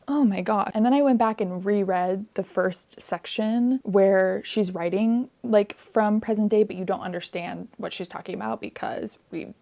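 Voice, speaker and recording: An earnest woman talks through a novel she loved in a casual book vlog. Her mid-pitched voice carries a steady gravelly fry, and she sounds thoughtful and reflective, leaning on "like" as she goes. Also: normal speed, hardly any pauses. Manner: earnest and reflective, heavy use of "like". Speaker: book reviewer.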